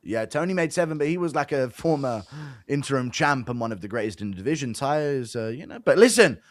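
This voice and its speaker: A man co-hosting a casual fight podcast, breaking down matchups in a relaxed, joking way. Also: mid-range voice, fast talker, no room sound, studio quality. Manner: relaxed, joking analysis with laughs.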